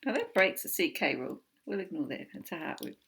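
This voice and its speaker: A woman with a New Zealand accent teaching an online phonics lesson from home, slowly sounding out letters and words. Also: on the low side, big pitch swings, a bit bright, slight background noise. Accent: New Zealand English.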